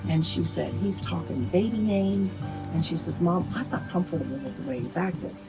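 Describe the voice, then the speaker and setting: A woman's voice: on the low side, animated, fairly quick, music in the background, low-quality recording. A middle-aged woman, the mother of a murder victim, plainspoken as she recounts family conversations in an interview, quoting what each person said. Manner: plainspoken, retells conversations with quoted speech.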